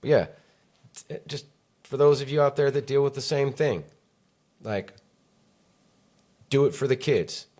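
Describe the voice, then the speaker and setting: A man's voice: mid-range voice, a little slow, pauses often, a little mellow. A man hosting a solo podcast, talking in a candid, rambling, profane and confessional way. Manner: emotional, confessional. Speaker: podcast host.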